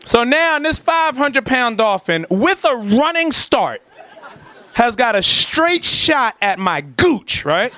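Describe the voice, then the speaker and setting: A man doing a stand-up comedy set, telling a story with lively acted-out voices and shouts before a laughing audience. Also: extremely high pitch, slow.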